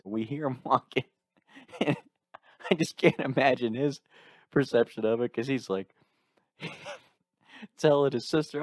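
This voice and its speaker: A man in his twenties casually telling an animated story, laughing through it. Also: medium pitch, no echo, studio quality.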